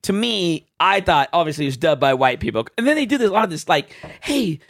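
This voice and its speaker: A man's voice: on the high side, sing-song, fast talker, creaky, a bit bright, no echo, studio quality. A man hosting a casual chat, blunt and profane, ranting and laughing as he goes.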